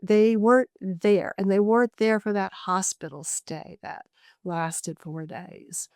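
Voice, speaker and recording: A woman's voice: mid-range voice, slow pace, darkish tone, clean tone, no room sound, studio quality. A woman who coaches caregivers, speaking as a podcast guest in an earnest, emphatic, conversational way. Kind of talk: interview conversation.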